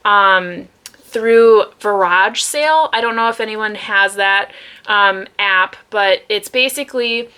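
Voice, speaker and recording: A woman's voice: mid-range voice, slow, bright, forceful tone, smooth. A woman vlogging about her books at home, chatting casually and rambling with lots of fillers. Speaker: book vlogger. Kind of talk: casual chat. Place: room at home.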